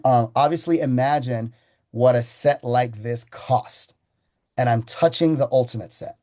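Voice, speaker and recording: A man giving a sales training talk, telling how he runs a customer pitch and acting it out with slow, deliberate pauses. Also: mellow.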